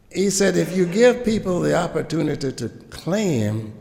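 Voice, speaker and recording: A man's voice: medium pitch, creaky, darkish tone. An older man with a Virginian accent, a former governor telling stories in a gala speech and acting out the exchanges he recounts. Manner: storytelling, acts out quoted exchanges. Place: large banquet hall. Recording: hall reverb.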